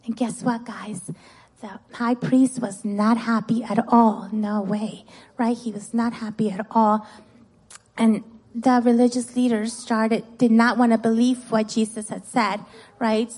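A woman teaching children in church, telling a Bible story in a lively way and often checking in with "right?" and "guess what?". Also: a little high, measured pace, low-quality recording. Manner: animated, keeps asking "right?" and "guess what?".

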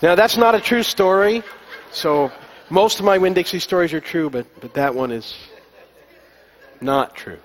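Pastor with a hesitant, folksy delivery. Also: male voice, sits high, unhurried, pauses often. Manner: relaxed storytelling with many fillers and restarts. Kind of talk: sermon. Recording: long echo of a large hall.

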